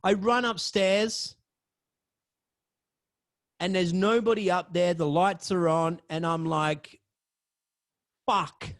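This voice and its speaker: A young man, hosting a podcast and telling a story in a profane, excitable way. His voice swings from low mutters to loud outbursts. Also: slow pace, long pauses. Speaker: podcast host. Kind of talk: storytelling monologue.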